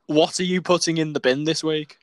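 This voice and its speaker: A man co-hosting a comedy podcast. His voice sits a little high and he swears freely while teasing his co-host. The recording is dry and close. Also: fairly even intonation, a little fast, no echo. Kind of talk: casual comedy podcast banter.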